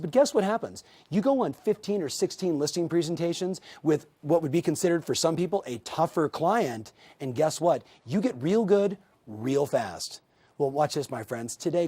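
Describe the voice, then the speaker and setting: A man with a somewhat high voice leads a real estate sales lesson. He tells stories and acts out the people in them, addressing the viewers directly as he coaches them. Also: darkish tone. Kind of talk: motivational training talk.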